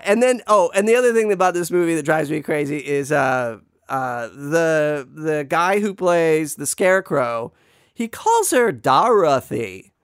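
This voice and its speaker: A man's voice: on the high side, clear, resonant tone, no echo, studio quality. A man casually reviewing a movie, rambling with many fillers and restarts, wryly griping. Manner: wry, playfully griping. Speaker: film reviewer.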